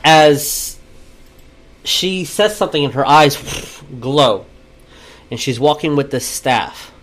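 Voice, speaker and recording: A man's voice: fairly high pitch, animated, slow, fairly bright tone. A man narrating as game master of a tabletop game, casual and loose, with many fillers.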